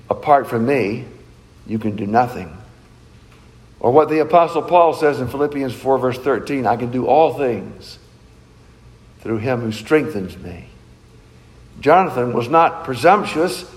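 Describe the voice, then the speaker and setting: A man's voice: mid-range voice, a little mellow, big-room sound, poor audio. A man preaching a sermon in an earnest, emphatic way, asking rhetorical questions. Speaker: pastor.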